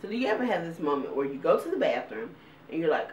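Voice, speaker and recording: A woman in her thirties chats to her viewers in a low voice that leaps around as she acts out what people said. She laughs often and tells it all loosely. The sound is roomy and echoey, with her sitting a little back from the mic and faint ambience behind. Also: fast talker, recorded from a distance, a little hiss or hum. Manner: animated, acts out quotes with big pitch jumps and laughs. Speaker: vlogger giving a weight update. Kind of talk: casual storytelling to viewers.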